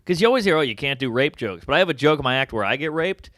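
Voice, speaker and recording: A man, a comedian chatting as an interview guest, jokey and animated with big jumps in pitch for emphasis. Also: very fast, no echo, clean studio sound. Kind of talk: casual interview chat.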